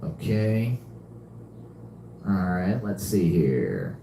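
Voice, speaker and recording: A man's voice: low-pitched, wildly swooping pitch, extremely slow, gravelly, warm tone, roomy sound, a little hiss or hum. A young man hosting a live podcast, chatting casually and often repeating himself. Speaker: podcast host. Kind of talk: casual live-stream chat.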